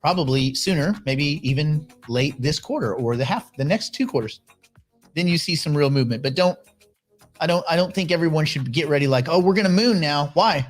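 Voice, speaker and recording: Over soft background music, a man with a fairly high voice talks a little fast while hosting a casual livestream. He reads the chat, greets viewers by name as they join, and offers blunt, opinionated commentary.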